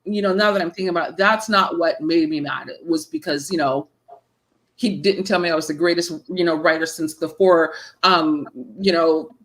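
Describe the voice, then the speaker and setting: A woman's voice: fairly low pitch, normal speed, low-quality recording. A woman in her thirties, a horror author, telling stories casually in an interview and acting out the people she quotes. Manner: animated storyteller, acts out quoted voices.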